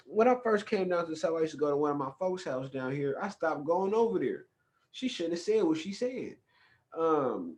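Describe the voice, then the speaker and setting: A man from California, hosting a podcast in a casual, profane, animated storytelling style. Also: fairly high pitch, normal speed. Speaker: podcast host. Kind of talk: casual chat.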